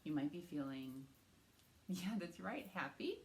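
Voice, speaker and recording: A woman, a children's librarian, leads a storytime from her home, talking to young children in an animated, encouraging way. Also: low voice, slow, slight background noise.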